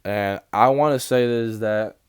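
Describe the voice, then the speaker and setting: A man's voice: on the low side, measured pace, clear, resonant tone, dry recording, studio quality. A young man in college casually telling a personal story, rambling with many restarts and quoted back-and-forth. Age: young adult.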